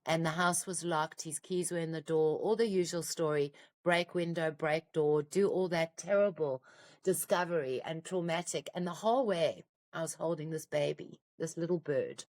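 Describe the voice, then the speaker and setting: A woman's voice: sits low, moderate pace, a little mellow. A middle-aged woman, an author and podcast guest, telling a raw, heartfelt personal story, close to tears at times.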